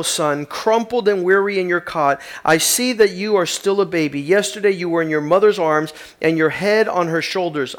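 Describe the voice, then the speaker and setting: A man's voice: high voice, a bit bright. A man preaching a sermon, reading aloud with rising emphatic passion.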